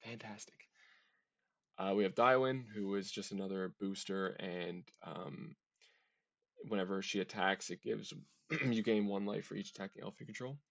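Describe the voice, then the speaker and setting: A man's voice: lowish voice, normal speed, vocal fry, fairly bright tone, no room sound. A man hosting a casual card-game deck walkthrough, chatty and often tripping over card names. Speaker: deck tech host.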